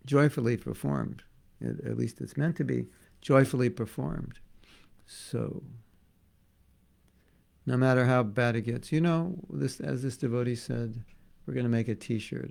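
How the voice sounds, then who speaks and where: Gravelly, joking spiritual teacher, male. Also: medium pitch, a little mellow. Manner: joking, conversational, repeats for emphasis. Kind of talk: casual devotional class.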